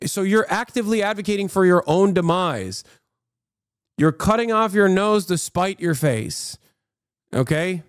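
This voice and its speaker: A man's voice: high voice, lively intonation, measured pace, smooth, no room sound, clean studio sound. An American man live-streaming, reacting to posts and chat in a profane, combative, mocking rant. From United States.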